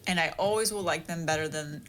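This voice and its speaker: A woman's voice: low-pitched, brisk, a little hiss or hum. A young woman co-hosting a podcast in casual chat, giggly and teasing. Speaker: podcast co-host.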